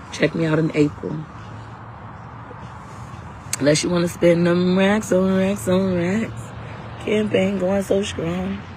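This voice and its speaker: A woman's voice: low voice, slight background noise, rough recording. A woman selling her class live on her phone outdoors, brash and hyped, talking in slang while a little under the weather. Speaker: live-stream seller and coach. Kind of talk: casual livestream sales talk.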